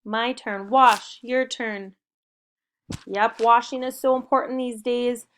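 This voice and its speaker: A woman's voice: fairly high pitch, steady tone, slow pace, slight background noise. A woman teaching a spelling lesson to young children, giving upbeat and encouraging step-by-step instructions. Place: home recording.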